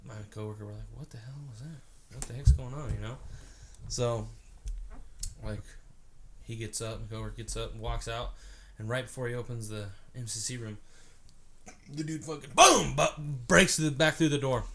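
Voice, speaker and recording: A man's voice: mid-range voice, steady tone, moderate pace, a little hiss or hum. A young man co-hosting a podcast in casual chat, joking and telling a work story in a laid-back way. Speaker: podcast co-host.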